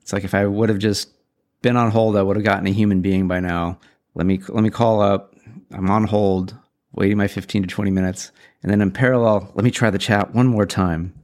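A man's voice: deep voice, darkish tone. A man casually telling a rambling, exasperated story about his weekend, with self-deprecating asides. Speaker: vlogger telling a personal story.

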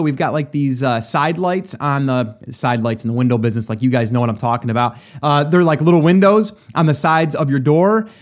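A middle-aged man hosts a show, spinning a personal story in a relaxed, conversational way before turning it into business advice. His voice sits a touch high for a man, and he talks straight to his listeners with plenty of fillers and asides. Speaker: podcast host. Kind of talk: casual storytelling and business motivation talk.

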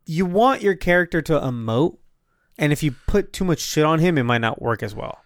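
A young man co-hosting a casual film review podcast, animated and jokey, swearing freely. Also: a little high, brisk, dry recording, clean studio sound. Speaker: podcast co-host.

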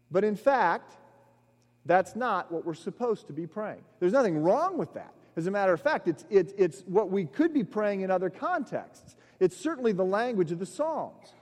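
A man's voice: high voice, sing-song, normal speed, darkish tone. A middle-aged man preaching a sermon. He tells stories with frequent "uh" fillers and builds his emphasis as he goes. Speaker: pastor. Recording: long echoey hall reverb.

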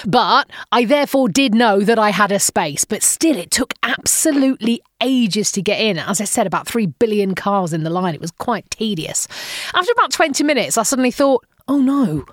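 Animated English woman telling a story. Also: fairly high pitch, no room sound, clean studio sound. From England. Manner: animated, playful, self-amused. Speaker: vlogger. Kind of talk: chatty storytelling monologue.

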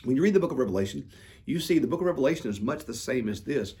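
Husky-voiced man reading scripture. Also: mid-range voice, expressive, fast talker, dark tone. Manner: earnest, with frequent restarts and fillers. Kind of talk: scripture reading and devotional reflection.

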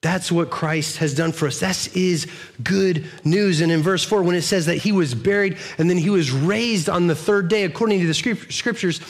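A man's voice: high-pitched, normal speed. A middle-aged pastor preaching in a conversational way, often restarting his phrases and telling stories with energy. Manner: conversational, repeats words and restarts, animated storytelling. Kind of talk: sermon.

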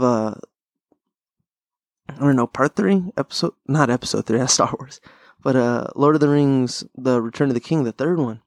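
A man's voice: medium pitch, a little mellow, dry recording, studio quality. A young man hosting a podcast, chatting casually in a rambling, profane way, laughing often. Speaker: podcast host. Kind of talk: casual chat.

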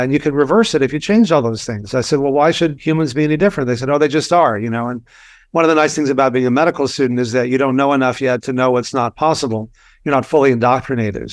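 Older male doctor from Texas, relaxed storyteller, dry recording. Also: medium pitch, no room sound. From Texas, USA. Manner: relaxed, anecdotal, many fillers and restarts. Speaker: physician guest. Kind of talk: conversational storytelling.

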